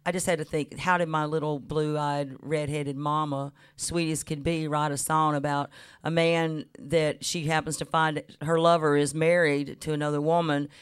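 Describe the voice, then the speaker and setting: A woman in her fifties, a guest musician on a radio show, telling lively stories with frequent laughs and little voice impressions. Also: sits low, normal speed, clean tone. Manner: warm laughing anecdotes, mimics voices. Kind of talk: chatty storytelling interview. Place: radio studio.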